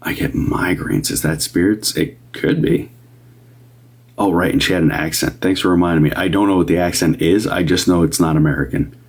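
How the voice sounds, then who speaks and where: A deep-voiced man on a casual livestream, rambling through his readings with fillers. He pops up higher to welcome viewers and sometimes drops to a soft whisper. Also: fairly even intonation, fairly quick, breathy edge. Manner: chatty, greets viewers in a higher upbeat voice. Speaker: medium doing live readings.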